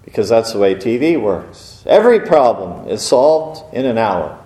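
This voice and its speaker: Mellow-voiced preacher in a roomy space. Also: male voice, fairly low pitch, very animated, normal speed. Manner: conversational, uses rhetorical questions and wry asides. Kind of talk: sermon. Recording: roomy echo.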